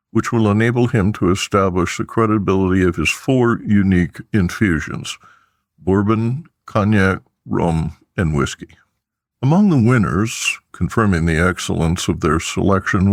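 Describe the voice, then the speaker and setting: A man reads scripted news headlines in a measured, even newsreader manner. His voice sits low, and the recording is dry with no room sound. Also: dry recording. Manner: measured, steady newsreader delivery. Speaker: news podcast host.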